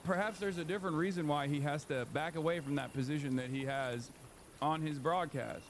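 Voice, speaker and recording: A man's voice: a little high, fairly quick, slight background noise. A man streaming, reacting to a clip with casual, profane political commentary. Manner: animated, profane, mocking quoted voices.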